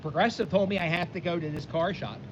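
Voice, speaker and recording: Out in the wind by the water, a Philadelphia man rambles through an exasperated story for his casual vlog. He's a fast talker with a fairly high pitch, and the audio is dull.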